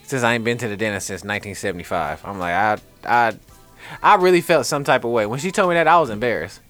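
A man on a casual podcast tells a story in loose street slang and often laughs mid-sentence. His pitch leaps around as he acts out what he said, and faint music sits under his voice. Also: fast talker. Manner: animated, slangy, laughs while telling stories.

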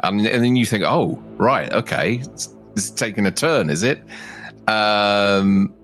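Lively, laughing male podcast co-host. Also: fairly low pitch, a little slow, faint music behind. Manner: animated, laughs often, mimics lines. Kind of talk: casual movie review chat.

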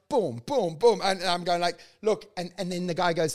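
A man, a podcast co-host, telling a story in casual chat, animated and laughing, acting out the voices of people in it. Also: high-pitched, normal speed, few pauses. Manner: animated, laughing storyteller who acts out quotes.

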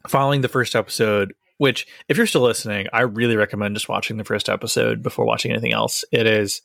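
A man's voice: lowish voice, steady tone, fast, creaky, a bit bright, no echo, studio quality. A man chatting casually as a podcast co-host, enthusiastic and rambling as he reviews a TV series. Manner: enthusiastic, rambling, restarts sentences.

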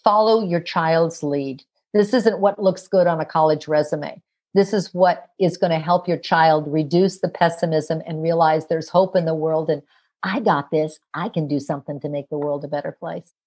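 A woman's voice: low-pitched, normal speed, darkish tone. A middle-aged woman, a parenting author, telling stories in an interview and acting out the voices of the people in them. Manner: acts out voices of children and parents in her stories. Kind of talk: animated storytelling interview.

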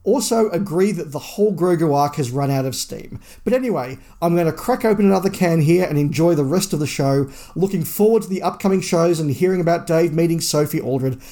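A man's voice: a little high, expressive, fairly quick, hardly any pauses, dark tone. A man co-hosting a podcast, chatting casually in a joking, self-deprecating way with frequent stumbling restarts. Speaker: podcast co-host.

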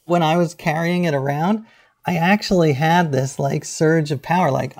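Animated storytelling middle-aged man. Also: on the high side, moderate pace. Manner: animated storyteller, laughs often, acts out quotes. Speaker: guest author. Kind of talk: casual podcast interview.

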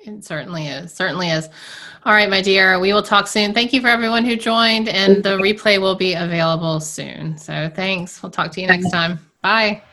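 A woman's voice: medium pitch, steady tone, moderate pace, sharp tone. A woman hosting a podcast, chatting casually and laughing often with her guest. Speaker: podcast host. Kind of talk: casual chat. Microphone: Instagram live stream.

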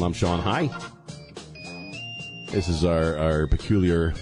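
A man's voice: sits low, takes it slowly, over music. A man hosting a talk radio show in a studio, rambling and sarcastic, mocking the people he talks about. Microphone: studio microphone.

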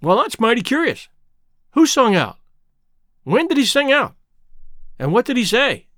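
A man doing a brash, scheming boy in an audiobook, all big plans and folksy grumbling. His voice runs high and bouncy, close and dry. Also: very animated, normal speed, dry recording. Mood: feigned puzzlement. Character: bossy scheming boy, Tom Sawyer.

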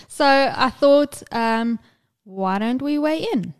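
A woman's voice: a little high, clear, resonant tone. A young woman co-hosting a casual podcast chat, talkative and blunt, swearing freely and laughing often. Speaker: podcast co-host.

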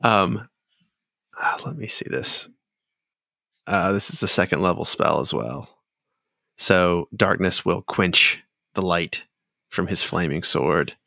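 A man running a tabletop game as game master, narrating in a low, gravelly voice. He pauses often and fills the gaps with fillers. The recording is dry and close. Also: pushed and bright, no echo. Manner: halting, filler-heavy narration.

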